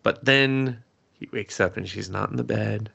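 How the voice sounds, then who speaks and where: Deep gravelly man, casual recap. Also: normal speed, sharp tone, no room sound, muffled recording. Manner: rambling plot recap, laughing, profane. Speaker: podcast co-host. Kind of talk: casual anime review chat.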